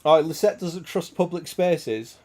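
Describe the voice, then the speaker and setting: A man's voice: fairly high pitch, expressive, unhurried, a little mellow. A young man streaming a game, chatting crudely with lots of swearing and laughter. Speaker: gaming streamer. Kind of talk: casual gameplay chat.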